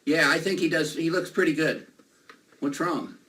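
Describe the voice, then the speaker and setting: A man performing a children's magic show, playful and animated as he talks to the kids. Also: a little high, normal speed. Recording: distant mic, faint noise.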